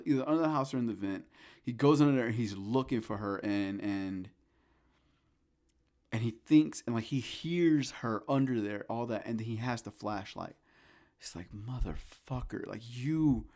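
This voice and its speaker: A man hosting a solo podcast, telling horror film scenes in an animated, profane way, swinging from hushed storytelling to loud incredulous rants. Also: mid-range voice. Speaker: podcast host. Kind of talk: casual solo talk about horror films.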